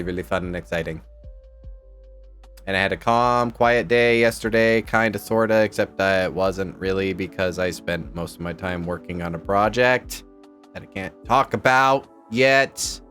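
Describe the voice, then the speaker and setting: A man chatting casually on a home live stream, rambling and excitable as he jumps from topic to topic. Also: deep voice, a little slow, long pauses, faint music behind. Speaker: VTuber streamer.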